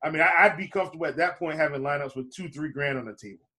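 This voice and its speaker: A man's voice: on the high side, fast talker, bright, forceful tone, husky. A man co-hosting a casual basketball betting podcast, talking in a loose way with fillers and restarts. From lives in Charleston area. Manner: conversational, hesitant fillers and restarts. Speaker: fantasy basketball podcast co-host.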